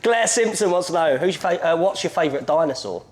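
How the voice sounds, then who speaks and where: A man hosting a casual interview show, chatty and quick to laugh, with lots of filler words. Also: fairly high pitch, lively intonation, a crowd in the background. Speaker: TV show host.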